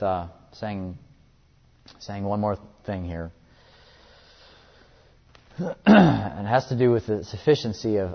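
Male pastor mid-sermon, earnest and repetitive, long hall reverb, muffled lo-fi recording. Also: medium pitch. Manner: earnest, repeats words when stressing a point. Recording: echoey hall, dull lo-fi sound.

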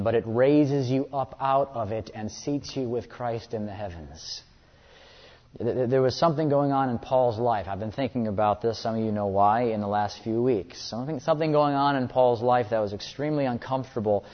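A man preaching a sermon earnestly, often repeating words as he presses a point. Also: medium pitch. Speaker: pastor. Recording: echoey hall, dull lo-fi sound.

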